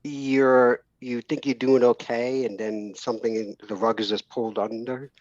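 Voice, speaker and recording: A man's voice: mid-range voice, level tone, moderate pace, a little mellow, no room sound. A middle-aged man with a New York accent tells his story frankly, circling back and restarting his sentences as he goes. The recording is dull and lo-fi, and very dry. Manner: candid, rambling with restarts and laughs. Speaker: guest. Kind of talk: casual interview.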